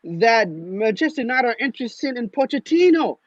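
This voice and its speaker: A man's voice: extremely high pitch, big pitch swings, normal speed, no room sound, dull audio. A man speaking as a guest panelist, ranting in an exasperated way as a fan. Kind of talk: passionate fan rant.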